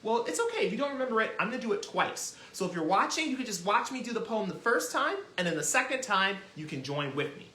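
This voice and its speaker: A man teaching young children with a bright, sharp tone and a very lively, swooping delivery. He explains and demonstrates in an encouraging way. The room is echoey around him. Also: sits high, fast talker, hardly any pauses. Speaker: children's music teacher and host. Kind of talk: children's lesson.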